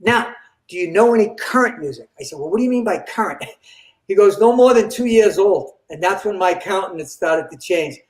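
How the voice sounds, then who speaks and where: An older man, a comedian guest, telling an animated story in an interview and acting out the dialogue. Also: sits high, a little fast. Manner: animated, acts out quoted dialogue. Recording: roomy echo.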